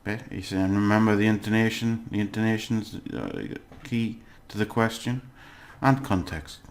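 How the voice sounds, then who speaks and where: In a relaxed recorded language lesson, a man speaks in a lowish, animated voice. He's patient, keeps checking in with his listener, and fills pauses with "uh."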